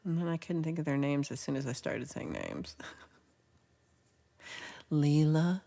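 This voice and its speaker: A woman's voice: low-pitched, big pitch swings, a little slow, gravelly, dark tone. A woman hosting a casual livestream, chatting, teasing and laughing as she reads viewer comments. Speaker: livestream host.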